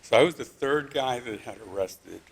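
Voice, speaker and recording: A man telling a story on stage at a live story slam, in a dry, understated, deadpan way. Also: mid-range voice, moderate pace, vocal fry, slight background noise.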